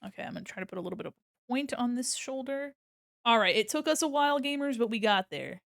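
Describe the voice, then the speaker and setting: A woman's voice: fairly high pitch, lively intonation, fast talker, vocal fry, fairly bright tone, no echo, clean studio sound. An American woman streaming her art, chatting casually and giggling as she thinks aloud while she draws. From United States.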